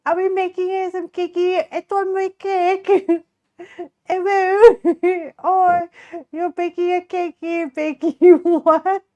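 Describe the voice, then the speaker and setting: A young woman putting on a silly, squeaky, high sing-song voice as a playful baker figure. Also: flat delivery, takes it slowly, darkish tone.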